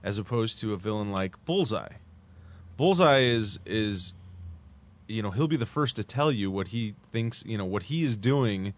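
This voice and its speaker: Dry, deadpan man on a lo-fi podcast. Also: fairly low pitch, normal speed. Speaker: podcast producer. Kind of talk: casual roundtable chat. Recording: muffled lo-fi podcast audio.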